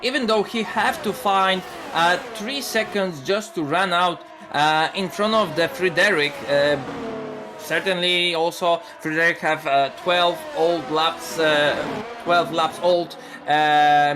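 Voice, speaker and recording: Man co-commentating over music. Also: a little high. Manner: halting, with many "uh" fillers. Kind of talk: live esports race commentary.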